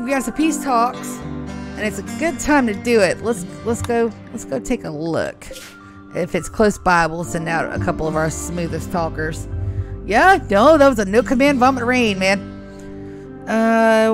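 A woman streaming a game live, chatting playfully and rambling through her moves with plenty of fillers. Her voice sits at an ordinary pitch, with soft game music under it. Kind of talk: live gameplay commentary.

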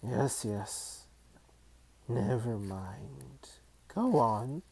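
Audiobook figure: a man doing a croaking, wheezy ancient man, impatient, slow and drawling. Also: mid-range voice, darkish tone, no room sound, exaggerated voice. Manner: impatient, drawn-out.

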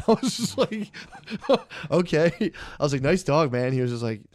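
A man's voice: fairly high pitch, lively intonation, fairly quick, a little mellow, no room sound, studio quality. A young man co-hosting a podcast, telling a rambling story in casual chat, swearing a lot and acting out his own thoughts. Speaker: podcast co-host.

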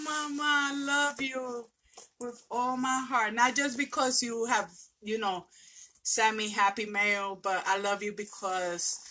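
Slow, bright-voiced teary woman vlogger. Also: mid-range voice. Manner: gushing, emotional and heartfelt. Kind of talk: casual vlog, opening mail on camera.

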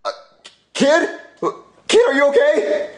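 A man's voice: very high-pitched, animated, takes it slowly, full character voice. A man voicing a flustered, panicky father who stammers constantly, in a puppet comedy skit. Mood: nervous.

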